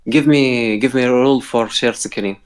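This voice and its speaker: A man calling into a heated debate, hesitant and halting with many fillers; his first language is Arabic. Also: mid-range voice, steady tone, clean tone. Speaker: caller in a debate.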